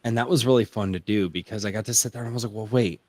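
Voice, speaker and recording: A baritone-voiced man, an author chatting casually at a round table, enthusiastic and rambling with many restarts, speaking into a home mic run through a mixer. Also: fairly even intonation, very fast, darkish tone, dry recording. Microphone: home mic through a mixer, bass boosted.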